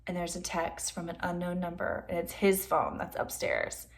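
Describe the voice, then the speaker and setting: A young adult woman casually reviewing a film for her vlog, chatty and exasperated, with a steady stream of "like". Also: lowish voice, moderate pace, creaky.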